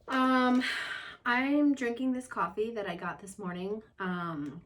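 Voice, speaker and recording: Chatty young mom rambling to camera. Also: female voice, mid-range voice, expressive, slow pace, fairly bright tone, slight background noise. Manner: chatty, rambling, many fillers. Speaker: vlogger. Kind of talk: casual chat to camera. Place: upstairs room at home.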